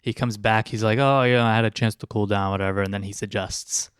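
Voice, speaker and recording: A man's voice: on the low side, fairly even intonation, fairly quick, clean tone, no echo, studio quality. A man co-hosting a podcast in a laid-back, wry, slightly hesitant chat. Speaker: podcast co-host.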